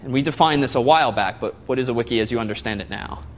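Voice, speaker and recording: A man's voice: medium pitch, racing, slight background noise. A man giving a classroom lecture, explaining step by step and putting questions to the class.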